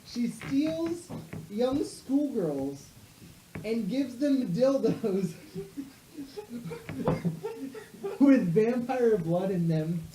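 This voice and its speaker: A woman's voice: fairly high pitch, sing-song, roomy sound, background noise. A woman improvising a comic story, laughing as she goes. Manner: slow, laughing as she talks.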